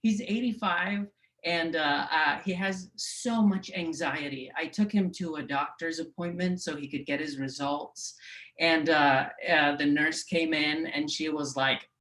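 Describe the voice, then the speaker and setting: A woman in her thirties doing a stand-up set, wry and deadpan in her storytelling. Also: deep voice, a little slow, poor audio. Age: 30s. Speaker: stand-up comedian.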